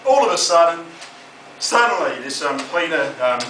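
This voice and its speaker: A young Australian man delivers a crude, brash stand-up set in a slightly higher voice. He sounds distant and roomy, caught from afar in a live comedy club with clear crowd noise behind him. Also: big pitch swings, moderate pace, sharp tone.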